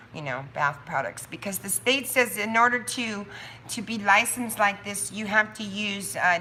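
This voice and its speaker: A woman hosts her own live stream in a loose, chatty way. She thinks out loud, drifts into quick asides and laughs easily. Her voice is bright and clear, at a middling pitch for a woman. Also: slight background noise. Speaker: soap maker hosting a live stream. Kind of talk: casual livestream chat.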